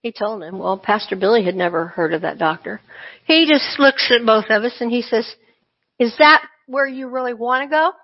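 A woman's voice: a little high, moderate pace. A woman telling a personal faith testimony in an earnest, conversational way, full of asides. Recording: dull lo-fi recording.

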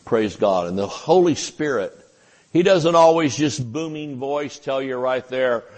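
A man's voice: mid-range voice, animated, measured pace, a little mellow. An older man preaching a sermon at a Bible study, folksy and chuckling, acting out little voices as he goes. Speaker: pastor. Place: church.

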